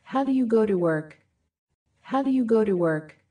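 A woman slowly and clearly reading short English phrases for learners, saying each one twice. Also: on the high side, lively intonation, dark tone.

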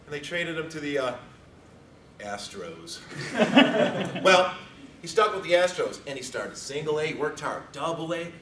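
A man from Chicago giving an animated, joking competition speech to an audience in a large hall. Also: a little high, measured pace, long pauses, a crowd in the background. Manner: animated storytelling with jokes. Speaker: speech contest contestant. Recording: echoey hall from far off.

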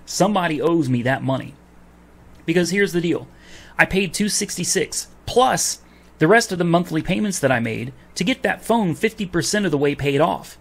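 A man venting to camera about a phone refund, heated and swearing as he retells his argument with a store clerk. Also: fairly high pitch. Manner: heated, swears, recounts dialogue. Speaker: vlogger. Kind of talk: angry customer rant to camera.

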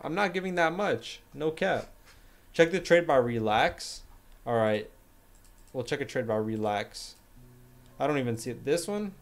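A man's voice: mid-range voice, lively intonation, measured pace, pauses often, soft background music. Laid-back young man chatting on stream. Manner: laid-back, joking, slangy, reads chat aloud. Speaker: livestreamer. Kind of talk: casual livestream chat.

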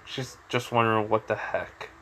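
A man's voice: on the low side, fairly even intonation, normal speed, bright, forceful tone. A young man casually retelling a fan story with lots of fillers, like and you know.

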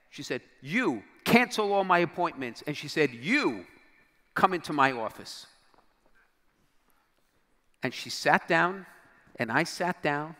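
A middle-aged bishop with a medium-pitched, slightly bright voice tells a story as a sermon to a young crowd. He dramatizes the quoted dialogue and sinks nearly to a whisper at key moments. The long reverb of a big convention hall surrounds him.

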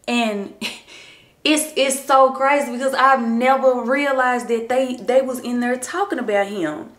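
Slow, rambling woman in her thirties. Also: fairly high pitch, steady tone. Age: 30s. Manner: rambling, chatty, drifts into hushed asides. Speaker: vlogger. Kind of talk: casual chat to camera. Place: at home getting ready. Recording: roomy echo.

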